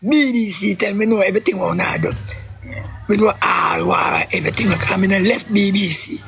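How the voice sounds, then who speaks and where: A Jamaican man on a live stream, rambling and swinging between shouting and crying. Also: high-pitched, a little fast, creaky, husky, faint music behind. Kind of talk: emotional live stream rant.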